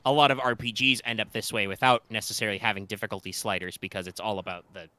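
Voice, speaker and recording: A man's voice: lowish voice, steady tone, quick pace, bright, forceful tone, dry recording. A man co-hosting a live stream, talking through ideas in a rambling, analytical way. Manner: rambling, analytical, thinks aloud. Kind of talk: casual live-stream chat.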